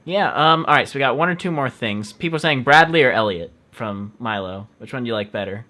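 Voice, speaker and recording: A man's voice: medium pitch, animated, fairly quick, pushed and bright. Friendly guy hosting a chill interview, chatty, reads out fan questions. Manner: friendly, chatty, laughs easily. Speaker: interview host. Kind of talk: casual interview chat.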